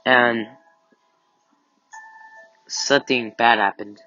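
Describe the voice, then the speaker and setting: A man telling an improvised scary story in the first person, halting with restarts and strings of "and then", on a dull lo-fi recording with faint music. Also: mid-range voice, fairly even intonation, bright, forceful tone.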